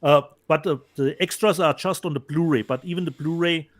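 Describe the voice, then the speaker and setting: Halting man co-hosting. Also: fairly high pitch. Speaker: co-host. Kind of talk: casual chat about disc releases.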